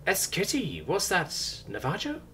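A man voicing a brisk, unflappable young woman governor who talks bluntly and stubbornly. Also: sits high, huge pitch swings, pushed and bright, slight background noise, pitched above the performer's own voice, heavily acted. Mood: insistent. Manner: blunt, stubborn, matter-of-fact.

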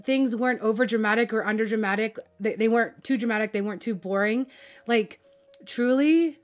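Young woman fangirling casually, kinda high voice, cusses a lot, says like constantly. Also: brisk. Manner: gushing, swears freely, lots of filler "like". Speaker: vlogger reviewing a drama. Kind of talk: casual chat.

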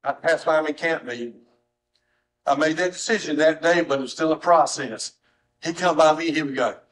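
Emotional pastor preaching. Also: male voice, moderate pace, rough recording. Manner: emotional, swings from soft low tones to high strained cries. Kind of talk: sermon. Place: church sanctuary.

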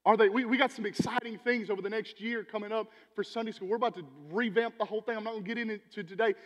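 Animated preacher, high voice, church hall reverb. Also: male voice, fast talker. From Texas. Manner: animated, preachy, swings between loud emphasis and quiet asides. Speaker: pastor. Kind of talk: sermon. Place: church sanctuary.

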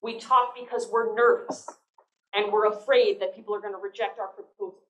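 A woman giving a lively, conversational public lecture on negotiation, often checking in with the audience. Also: medium pitch, a little fast, a little hiss or hum. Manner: lively, conversational, frequent "right?" tags. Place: lecture hall. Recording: echoey lecture hall.

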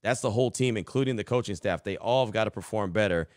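A man's voice: fairly low pitch, quick pace, a little mellow, dry recording, clean studio sound. A man hosting a sports podcast, talking casually and reading ads himself, with frequent "right?" and restarts. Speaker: podcast and radio host. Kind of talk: casual sports talk with host-read ads.

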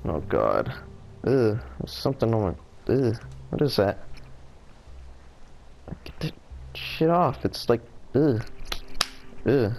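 A young man commentates his gameplay in a mid-pitched voice, cursing and complaining as things go wrong. A faint hiss of noise runs under his voice. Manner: frustrated, swearing, exclaiming at the game. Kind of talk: let's play commentary.

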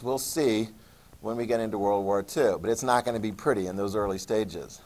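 A man teaching a history class, lecturing in an animated way and quizzing students. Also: fairly low pitch, fairly quick. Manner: animated, acts out countries in jokey voices; asks the class questions.

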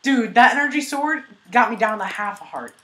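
A man's voice: very high-pitched, normal speed, sharp tone. A teenage boy gamer, jumpy and jokey, chatting while playing. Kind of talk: casual gaming commentary.

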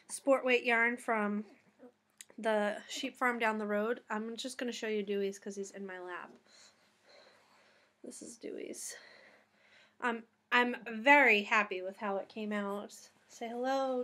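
Bright, chatty woman vlogging about knitting. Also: on the high side. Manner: chatty and rambling, going off on tangents; self-deprecating, laughing at her own mistakes. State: tired. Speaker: knitting vlog host. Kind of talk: casual chat. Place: at home with a cat on her lap.

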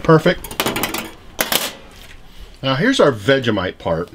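A man hosts a casual grilling channel vlog, speaking upbeat and directly to viewers while cooking outdoors on a cold, windy day. His mid-range voice swings hugely in pitch and he takes his time. The outdoor recording is filled with loud sizzling from the food on the grill.

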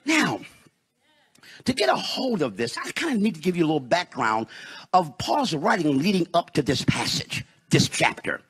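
A pastor from Detroit preaching a sermon in a church, rising into shouted, sung peaks and slowing for emphasis. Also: male voice, on the high side, very animated, slightly rough. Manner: preaching with shouted, sung rises and dramatic slowdowns. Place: church sanctuary.

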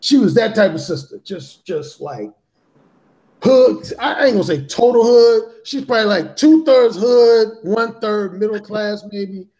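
This podcast guest, a dating author, tells a story with lively intonation and no hurry. His voice is high-pitched and a little mellow. It's casual talk-show storytelling, blunt, profane and heavily emphasized.

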